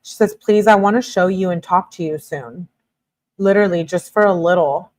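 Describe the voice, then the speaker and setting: Lower-voiced woman reading texts aloud. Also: moderate pace, a little mellow. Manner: plain read-aloud delivery broken by exasperated asides. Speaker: true-crime commentary host. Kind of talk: reading text messages aloud with commentary.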